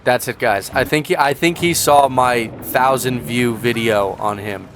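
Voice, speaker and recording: A man's voice: medium pitch, unhurried, a bit bright, slight background noise. A man giving casual reaction commentary as a vlogger, sarcastic and rambling with restarts.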